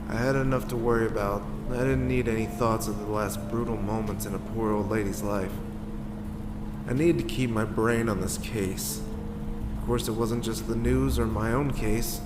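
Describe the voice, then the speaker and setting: A man narrating in the first person as a world-weary, gruff detective who swears freely. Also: fairly low pitch, fairly even intonation, normal speed, background noise.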